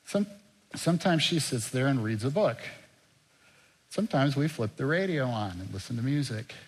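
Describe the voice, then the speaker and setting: An older man preaching a sermon as pastor, in an earnest, conversational way that drops soft and quiet. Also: mid-range voice, expressive, moderate pace, husky.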